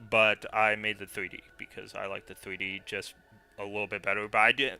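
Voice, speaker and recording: A man's voice: on the low side, pushed and bright. A man streaming a video game, chatting casually and hesitating often with fillers and restarts.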